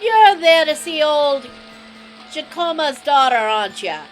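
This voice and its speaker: A woman's voice: high voice, big pitch swings, a little slow, faint music behind, voice pushed up. A woman voicing a brash male mobster informant with a put-on New Jersey accent, swaggering and sleazy. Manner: swaggering, sleazy tough-guy drawl.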